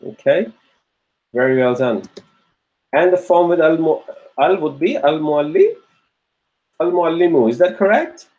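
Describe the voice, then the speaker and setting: A man with a slightly high voice runs a grammar drill for an online class. He asks each question several times over and cheers on his students by name as they answer. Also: lively intonation, unhurried, pauses often, darkish tone, rough recording. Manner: patient, encouraging drill questioning. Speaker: Arabic grammar teacher. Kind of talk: live online class lecture.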